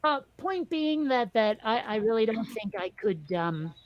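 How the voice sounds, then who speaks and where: Woman hosting a loose group chat, kinda high voice, rambly with lots of um and you know. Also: big pitch swings, a little slow, no echo, dull audio. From New York area. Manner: chatty, self-deprecating, trails off with fillers. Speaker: host.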